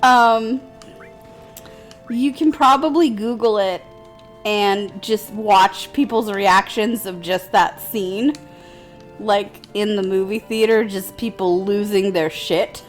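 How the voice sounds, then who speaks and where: Slow-talking giggly woman. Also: medium pitch, fairly even intonation, soft background music. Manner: rambling storyteller, laughs often. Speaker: let's play co-host. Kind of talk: casual gaming chat.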